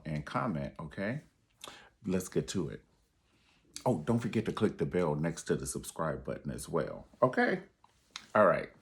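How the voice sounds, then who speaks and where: Man with a deep voice and a lively, swooping delivery; a sassy, gossipy TV reviewer. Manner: sassy, gossipy, calls everyone honey. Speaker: YouTube reality TV reviewer. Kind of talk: casual commentary.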